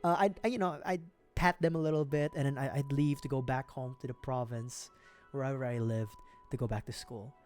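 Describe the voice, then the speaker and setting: A man's voice: mid-range voice, fairly even intonation, a little fast, darkish tone, soft background music. A man from the Philippines, streaming, telling a story casually, laughing often and swearing freely.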